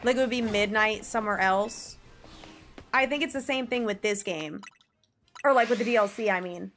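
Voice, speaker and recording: A woman streaming a game live, chatting casually and breaking into frantic shrieks and shouts when she gets scared. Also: medium pitch, moderate pace, faint music behind.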